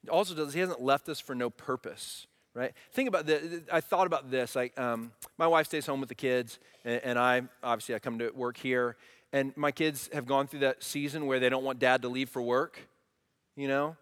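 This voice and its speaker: A man in his thirties preaching a sermon, animated and asking the congregation questions. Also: mid-range voice, normal speed, smooth. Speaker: pastor. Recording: long hall reverb.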